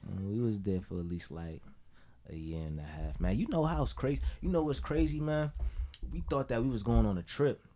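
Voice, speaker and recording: A man's voice: lowish voice, a little fast, mellow. A man, a guest on a casual podcast, talking in a loose, rambling way and often saying "you know what I'm saying". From Brooklyn, New York. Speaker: guest musician.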